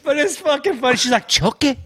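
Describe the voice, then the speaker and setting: A man's voice: sits high, normal speed, a bit bright. A married man co-hosting a horror podcast, swearing freely, rambling and laughing often in crude casual banter. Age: adult. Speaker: podcast co-host.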